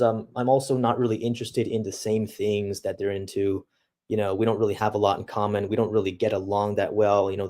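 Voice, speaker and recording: A man's voice: medium pitch, mellow. A young man streaming live, talking casually and reading out chat in a laid-back, slangy way full of dude and bro.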